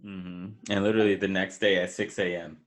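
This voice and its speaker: A man hosting a podcast chat, telling a work story in a laid-back, measured way. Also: deep voice, little pitch movement. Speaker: podcast host, wedding photographer. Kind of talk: casual interview chat.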